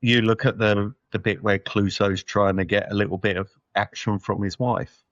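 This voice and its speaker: A man with a low-side, slightly bright voice and little pitch movement talks at a moderate pace as a podcast co-host. He casually reviews a film, thinking aloud amid frequent fillers, in a dry, lo-fi recording.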